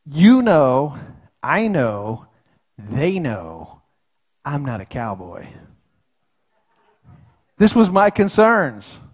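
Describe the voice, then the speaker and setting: A man's voice: on the high side, big pitch swings, very slow, pauses often. A middle-aged man preaching a sermon in his church in an earnest, folksy way, often repeating and restarting his words. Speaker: pastor. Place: church sanctuary.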